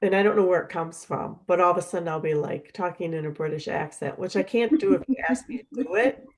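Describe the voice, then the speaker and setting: A middle-aged woman hosting a podcast, talking in a relaxed, chatty way with lots of fillers. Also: on the low side, fast talker. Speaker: podcast host. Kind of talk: casual conversational chat.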